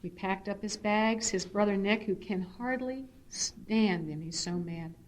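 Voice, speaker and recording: A middle-aged woman giving a personal testimony at a recovery meeting. She tells her story in an animated, earnest way and shifts into spiritual reflection. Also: measured pace. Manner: animated storyteller, swings to high excited re-enactment. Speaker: speaker sharing at a recovery meeting.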